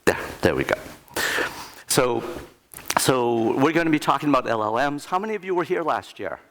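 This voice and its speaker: A man's voice: medium pitch, very animated, moderate pace, fairly bright tone. A middle-aged man with a cold, giving a conference talk in a chatty way, with joking asides. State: has a cold. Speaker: conference speaker. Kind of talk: conference presentation. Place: conference hall. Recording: echoey conference hall.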